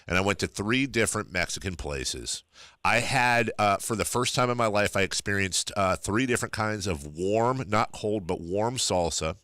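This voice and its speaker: A man from California hosting a sports radio show in a dry, close studio sound. His voice is low but sharp and forceful. He tells stories and builds them up to emphatic points. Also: moderate pace, smooth, no echo. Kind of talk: casual sports radio chat.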